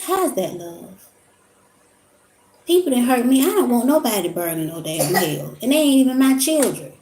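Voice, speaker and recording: A woman's voice: on the high side, very animated, normal speed, noisy background. A woman vlogger talking casually about spiritual topics in a rambling, storytelling way. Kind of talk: casual monologue. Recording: echoey room.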